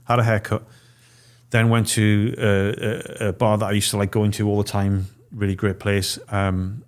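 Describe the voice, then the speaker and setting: A man in his forties with a low voice tells a story in a casual podcast chat. He lays it out step by step and drops into the voices of the people he meets as he quotes them. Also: little pitch movement, moderate pace. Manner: vivid storyteller, acting out quoted dialogue. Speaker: podcast guest.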